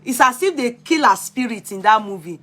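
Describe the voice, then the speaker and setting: A woman's voice: fairly high pitch, lively intonation, brisk, fairly bright tone. A woman with a Yoruba-inflected Nigerian accent, chatting casually on a live stream and answering viewers' comments bluntly. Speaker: vlogger reviewing films.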